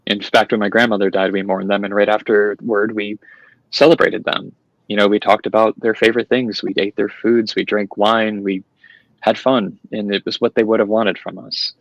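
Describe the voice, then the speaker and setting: Gravelly low man, earnest podcast guest. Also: flat delivery, normal speed, no echo, muffled recording. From Italian-American family. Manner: thoughtful, earnest explainer. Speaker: podcast guest, paranormal investigator. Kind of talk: casual chat.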